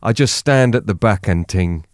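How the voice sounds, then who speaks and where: A man's voice: lowish voice, a little mellow, no room sound, studio quality. A man co-hosting a radio show, reading listener messages and bantering. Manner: reads out listener messages, quick reactions. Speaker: radio co-host. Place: radio studio.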